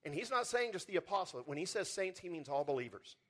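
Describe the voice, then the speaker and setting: Male pastor, sermon delivery, slightly high voice, lively swings from loud to hushed, repeats words at starts. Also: fast. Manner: animated preaching, swings from loud emphasis to quiet low lines.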